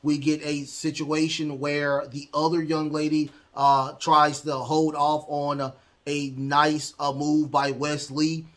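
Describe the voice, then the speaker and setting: Guy rambling thru a wrestling recap, kinda high voice, tons of uhs. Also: level tone, slow, fairly bright tone. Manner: rambling, heavy fillers, acts out quotes. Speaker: podcast host.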